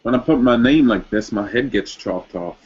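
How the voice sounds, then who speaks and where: Husky-voiced man hosting a livestream. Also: mid-range voice, normal speed, darkish tone. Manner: chatty, rambling with many fillers. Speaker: host. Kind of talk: casual livestream chat. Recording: dull lo-fi stream audio.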